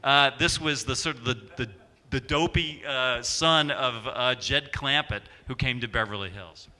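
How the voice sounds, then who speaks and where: A man's voice: medium pitch, a little slow, sharp tone. A man moderating a conference panel, telling a chatty anecdote and acting out the voices in it. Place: conference stage. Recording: stage panel in a large hall.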